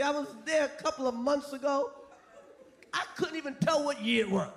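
A man doing a stand-up routine on a club stage, profane and animated, shouting his punchlines over a laughing crowd. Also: very high voice, gravelly. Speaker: stand-up comedian. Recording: live crowd laughter and noise.

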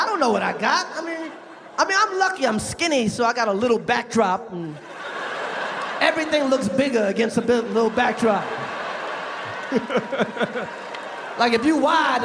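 Male stand-up comedian, high animated voice, crowd noise in a roomy live venue. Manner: loud, profane, punchy delivery. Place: large theater stage with live audience.

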